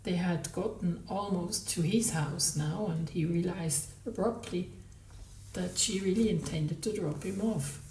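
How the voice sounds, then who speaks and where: A woman reading a novel aloud in measured narration, then commenting on it haltingly as a book podcaster. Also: fairly low pitch, darkish tone, distant mic. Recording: roomy, from the mic.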